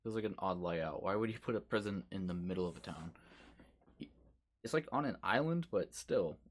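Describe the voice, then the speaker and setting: Casual low-voiced man streaming a game. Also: lively intonation, normal speed. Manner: casual, musing, chatty. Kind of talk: gaming stream commentary.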